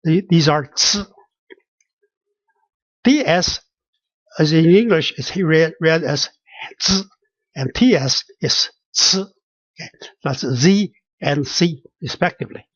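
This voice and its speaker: A teacher giving a pronunciation lesson, halting and full of fillers, repeating each sound and example word. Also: medium pitch, dry recording, lo-fi sound. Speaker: language teacher.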